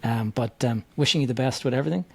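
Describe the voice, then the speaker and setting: A man hosting a podcast, talking to his listeners in a relaxed, chatty way. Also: mid-range voice, fast, creaky, breathy edge. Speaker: podcast host. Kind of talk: casual podcast talk.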